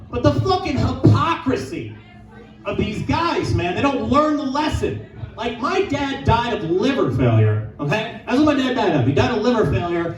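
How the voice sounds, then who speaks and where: A man doing a crude stand-up set in a bar lounge, riffing fast and shouting his punchlines. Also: sits high, echoey room, far from the mic, poor audio. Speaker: stand-up comedian.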